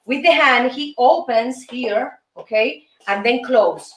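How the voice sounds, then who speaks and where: A woman's voice: a little high, takes it slowly. A woman with a Cuban Spanish accent hosting a salsa dance lesson, counting steps aloud and chanting rhythm syllables, encouraging her viewers as friends. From Cuba. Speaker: host and dance teacher. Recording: roomy echo, voice from far off, music behind. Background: salsa music.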